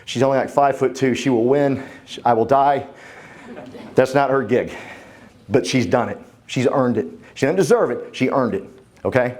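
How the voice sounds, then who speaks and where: A keynote speaker in his 50s, with a mid-range, darkish voice at normal speed, gives a fervent motivational talk on a conference stage. He jokes and addresses the crowd directly.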